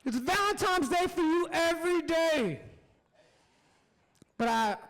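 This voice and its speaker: A man's voice: very high voice, lively intonation, slow, a bit bright, long reverb tail, rough recording. A man from San Francisco doing a laid-back stand-up set on an outdoor plaza stage, calling the crowd "guys". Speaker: stand-up comedian.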